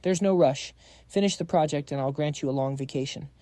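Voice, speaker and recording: A man's voice: fairly high pitch, fairly quick, mellow, dry recording, close to an everyday voice. A man voicing a stern older institute director who scolds his researcher.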